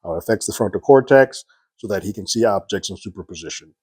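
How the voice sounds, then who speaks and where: Low, husky-voiced man reviewing TV. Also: expressive, fast, a little mellow, no echo. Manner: loose, conversational retelling with frequent fillers. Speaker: TV series reviewer. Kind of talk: casual episode recap and review.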